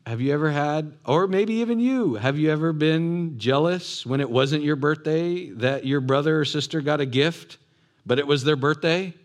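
A man's voice: a little high, normal speed. A man preaching a sermon who acts out the voices and asks his congregation questions. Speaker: pastor.

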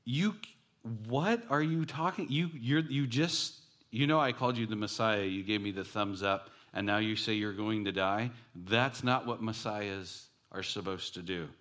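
A man voicing an indignant adult male apostle who protests in rapid, exasperated objections. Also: lowish voice, a bit bright.

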